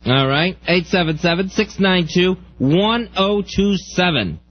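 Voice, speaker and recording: A man's voice: high-pitched, animated, a little slow. A man co-hosting a radio talk show, dropping wisecracks. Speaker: radio co-host. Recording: dull lo-fi radio recording.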